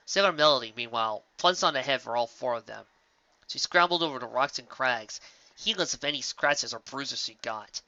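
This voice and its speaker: A man reads a fan-fiction story aloud in a plain, unpolished way, stumbling now and then. His voice is bright and dry, and the recording is dull and lo-fi. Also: medium pitch, dry recording. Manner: plain reading with slips and restarts.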